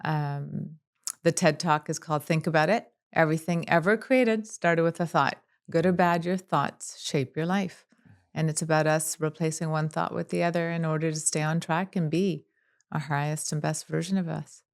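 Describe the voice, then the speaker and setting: A woman psychologist talks as a podcast guest in a calm, measured way, walking through long lists of examples. Her voice sits a little low and sounds smooth and clear. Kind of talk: podcast interview.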